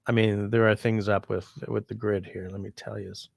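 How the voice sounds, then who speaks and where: A man's voice: lowish voice, little pitch movement, moderate pace, vocal fry, no echo, studio quality. A sick man hosting a livestream from home, chatting casually and reading viewer comments aloud in a rambling, easygoing way. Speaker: livestream host.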